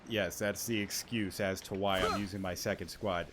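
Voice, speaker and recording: A man's voice: deep voice, fairly even intonation, normal speed, noisy background. A man casually commenting while playing a game, joking and crude.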